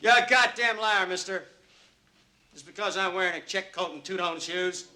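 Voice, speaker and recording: An actor playing a defiant crook who mouths off at police during a lineup. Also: male voice, high voice, moderate pace, bright, forceful tone. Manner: indignant, mouthy, sarcastic. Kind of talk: 1970s film acting.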